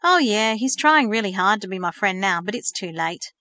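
Brief: sarcastic, scoffing teenage boy, voiced by a woman narrator, lively in pitch, in a dry booth. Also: normal speed, no echo. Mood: resentful. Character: sullen, sarcastic teenage boy, lonely and defensive. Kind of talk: audiobook reading.

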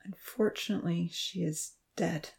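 A woman voicing a grieving old male professor who speaks softly and sorrowfully. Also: medium pitch, animated, moderate pace, gravelly, pitched above the performer's own voice. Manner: sorrowful, soft and hushed.

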